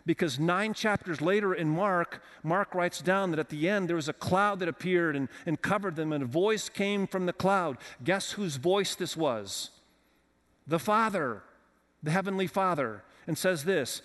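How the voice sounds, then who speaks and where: A man's voice: high-pitched, measured pace, fairly bright tone. Male pastor preaching in a reverberant hall. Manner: conversational preaching, asks the congregation questions. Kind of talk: sermon. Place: church with several campuses.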